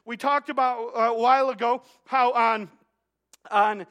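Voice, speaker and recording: A male pastor delivering a sermon in a very high, bright, forceful voice. He presses his points with rhetorical questions and repeated lines. He sometimes trips over a word and restarts. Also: steady tone, unhurried. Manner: emphatic, with rhetorical questions and repetition; stumbles and restarts mid-phrase.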